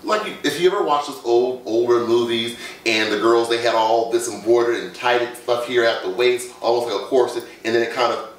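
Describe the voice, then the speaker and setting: A man's voice: mid-range voice, a little fast. A man who works as a fashion image consultant, giving confident advice on a talk show in lists and short punchy phrases. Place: Las Vegas. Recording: echoey room, far from the mic.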